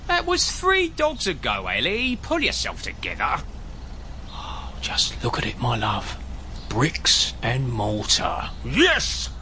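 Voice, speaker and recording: A man's voice: medium pitch, wildly swooping pitch, takes it slowly, bright, forceful tone, slight background noise, full character voice. An actor playing a callous, sarcastic husband who bosses his wife around. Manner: sarcastic, bossy, flippant. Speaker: son-in-law Blake. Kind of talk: radio comedy drama.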